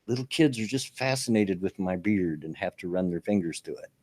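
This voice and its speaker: A man's voice: deep voice, animated, brisk, a little mellow. An older man co-hosting a casual online radio chat, folksy and rambling with many fillers. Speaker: co-host.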